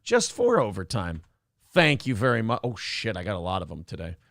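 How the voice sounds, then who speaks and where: A man's voice: fairly low pitch, huge pitch swings, fairly quick, vocal fry, fairly bright tone, no echo, studio quality. A man hosting a morning talk show, joking around in a casual, profane and offhand way. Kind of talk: casual comedic chat.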